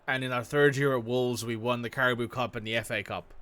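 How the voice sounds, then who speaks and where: A man's voice: medium pitch, fairly even intonation, brisk, fairly bright tone, smooth. A man casually commenting as he plays a football management game, thinking aloud and reacting to the match. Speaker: gaming streamer. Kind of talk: casual let's-play commentary.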